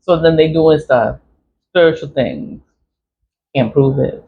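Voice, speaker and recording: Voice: medium pitch, slow, vocal fry. A spiritual vlogger in a casual, rambling monologue, talking emphatically, repeating phrases and swearing freely. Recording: dull lo-fi recording, faint noise.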